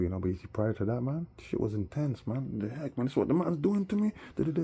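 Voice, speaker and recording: A man telling a rambling personal story, animated and sometimes heated. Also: on the low side, fast, creaky, few pauses, slightly rough. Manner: animated, rising to heated outbursts.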